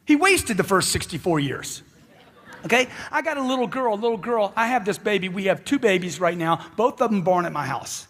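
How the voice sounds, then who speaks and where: A man giving a live motivational speech into a handheld mic, loud and punchy, firing off rhetorical questions. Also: high-pitched, lively intonation, brisk, long reverb tail. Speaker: motivational speaker.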